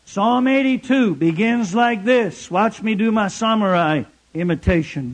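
A man's voice: high-pitched, expressive, a little slow, hardly any pauses. A man preaching a sermon in an emphatic, conversational way, asking the congregation rhetorical questions.

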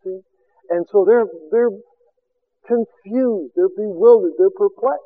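A man preaching a sermon as a seminar teacher, firing rhetorical questions and swinging from loud exclamations to quiet asides. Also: high voice, takes it slowly, narrow, tinny audio.

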